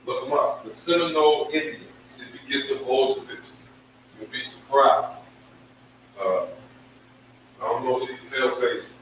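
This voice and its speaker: A man's voice: medium pitch, fairly bright tone. A man giving a scripture lesson, emphatic, repeating himself and stretching out each syllable. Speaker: religious teacher. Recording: very echoey room, from far off, faint noise.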